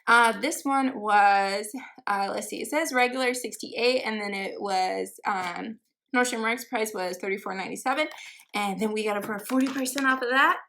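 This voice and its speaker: A beauty vlogger with a medium-pitched, sharp-toned voice talks at a moderate pace through a perfume haul. Her chat is casual and full of fillers and giggles. She's unsure of some pronunciations and teases herself about them.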